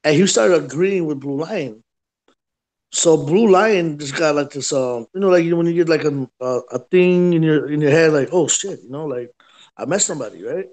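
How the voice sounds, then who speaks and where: A man's voice: fairly high pitch, moderate pace, a little mellow. A man hosting a livestream who tells a story in casual chat, acting out quotes and saying "right?" and "bro" often. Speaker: livestream host.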